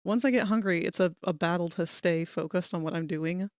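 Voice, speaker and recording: A woman hosting a casual stream chat while working, blunt and quick to laugh. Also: lowish voice, no room sound, clean studio sound. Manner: blunt, swears, laughs easily.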